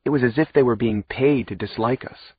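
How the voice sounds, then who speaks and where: A male audiobook narrator telling a first-person story with a wry, sardonic edge. His voice sits at a middling pitch and has a husky grain. The audio is dry and slightly muffled. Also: brisk, no echo.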